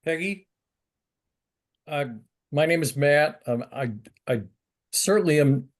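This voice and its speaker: A man's voice: fairly high pitch, slow pace. A man from the audience at a group meeting, asking a question in a polite, careful, hesitant way. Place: meeting room.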